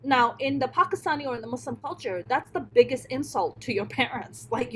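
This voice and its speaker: A woman with a notably high voice tells her story in an interview, blunt and forceful in her emphasis. She swears freely and talks like a stand-up comedian. A faint hiss sits under her voice. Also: lively intonation, a little fast, rough recording.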